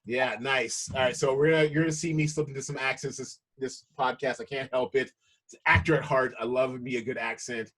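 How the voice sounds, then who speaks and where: A man's voice: medium pitch, steady tone, fairly quick, fairly bright tone. A man hosting a casual film podcast, playful and hyped, laughing often. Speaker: podcast host.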